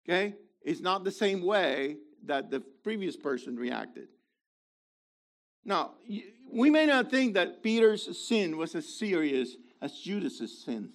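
A man delivers a sermon in a high, gravelly voice. His pitch swings widely as he jumps from loud, emphatic stretches to hushed asides. He slips in playful remarks along the way. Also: very animated, slow pace. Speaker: preacher.

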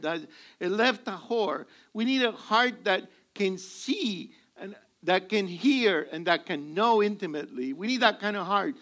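Bright and forceful, this high-pitched male voice comes from a pastor preaching to a congregation. His sermon leans on humorous storytelling, with him acting out what people said.

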